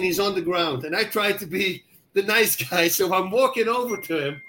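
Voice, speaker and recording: A man, a former fighter, telling a story in casual chat, excitable and quick to laugh. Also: high voice, a little hiss or hum, poor audio. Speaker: guest fighter.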